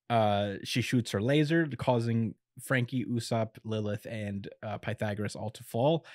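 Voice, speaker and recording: A man's voice: lowish voice, darkish tone, no room sound, clean studio sound. A young man co-hosting a podcast, recapping a comic chapter in a casual, laid-back way and chuckling often. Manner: laid-back, chuckles often, acts out quotes in quick bits. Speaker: podcast co-host recapping manga. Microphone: podcast microphone.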